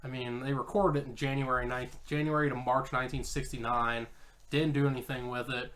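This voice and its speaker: A man's voice: medium pitch, flat delivery, a bit bright. A man co-hosting a casual podcast, reading his notes on an album and joking with friends while chewing an apple. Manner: joking, profane, reads notes quickly. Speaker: podcast co-host. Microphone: home podcast mic, eating apple.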